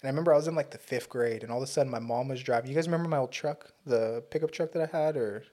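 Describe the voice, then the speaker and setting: A young man hosts a relaxed chat among friends, joking and swearing freely. His voice sits at an everyday middle pitch. He talks in a loose, easygoing way. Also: rapid-fire. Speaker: podcast host. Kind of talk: casual chat.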